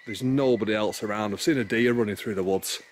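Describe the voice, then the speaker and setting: Out of breath on a rural hillside, a man from England vlogs about wild camping, chatting away, rambling and breaking off mid-thought. His voice is fairly low and his delivery brisk.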